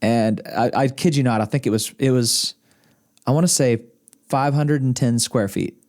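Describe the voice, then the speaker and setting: Mellow-voiced man telling stories. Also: medium pitch, steady tone, normal speed. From Arkansas, USA. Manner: rambling, chuckling, with frequent restarts. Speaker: podcast guest, husband of host. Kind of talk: casual storytelling conversation. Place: indoors, podcast studio room.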